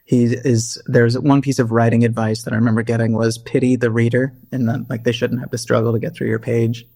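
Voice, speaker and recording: A man's voice: mid-range voice, flat delivery, a little fast, creaky, mellow. A man co-hosting a podcast, with a wry, theatrical manner and sarcastic rants. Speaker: podcast co-host. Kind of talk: casual chat.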